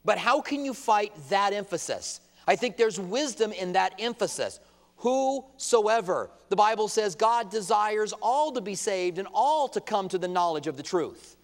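Male pastor, high-pitched, passionate pulpit delivery with emphatic peaks, recorded with hall reverb. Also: lively intonation, moderate pace, hardly any pauses. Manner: impassioned, rising to emphatic outbursts, quotes opponents in mock voices. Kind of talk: sermon. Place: church sanctuary at a pulpit. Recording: long reverb of a large hall.

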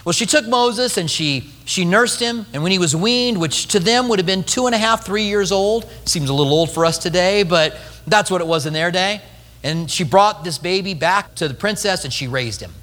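High, bright-voiced man preaching in a hall. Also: normal speed. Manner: animated storytelling with acted-out quotes. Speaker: pastor. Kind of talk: sermon.

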